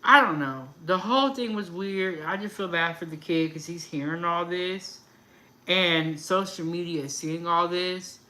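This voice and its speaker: A woman with a bright, forceful voice talks through celebrity gossip in a loose, conversational way. She is a channel host addressing her viewers directly, full of asides and opinions. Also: on the low side, measured pace, rough recording. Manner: chatty, animated gossip with laughs and asides. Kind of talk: casual chat about celebrity gossip.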